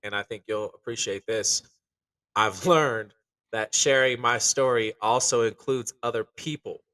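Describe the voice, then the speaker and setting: A chef speaking candidly on a podcast, earnest and reflective, with lots of "like" and "you know.". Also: male voice, mid-range voice, unhurried, sharp tone, no room sound, distant mic, rough recording. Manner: earnest and reflective, many fillers.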